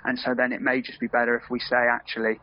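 Reporter guy, pretty monotone, stumbles a bit, dry muffled audio. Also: medium pitch. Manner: flat, halting, self-correcting. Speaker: local newspaper reporter, guest. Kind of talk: casual chat. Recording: dry dull lo-fi sound.

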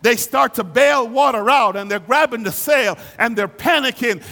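A male pastor preaching a sermon in a church, his delivery rising into fervent shouting. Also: very high voice, animated, normal speed, hardly any pauses, in a large hall.

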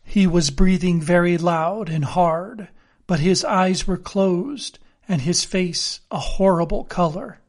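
A man reading a classic novel aloud as narrator, in measured storytelling. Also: sits high. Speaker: audiobook reader.

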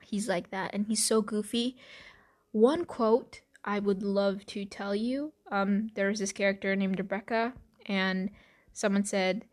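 A woman's voice: medium pitch, steady tone, measured pace. A woman hosting a casual chat, rambling and swearing freely, with laughs and restarts. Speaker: podcast host.

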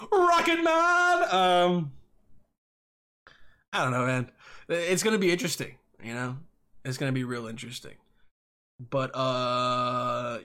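A young man hosting a solo podcast, rambling and swearing, with bursts of yelling. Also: medium pitch. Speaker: podcast host.

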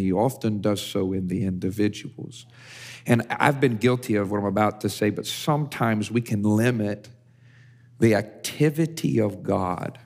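Low-voiced male pastor, conversational sermon. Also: creaky. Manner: conversational, frequent restarts and repeated words.

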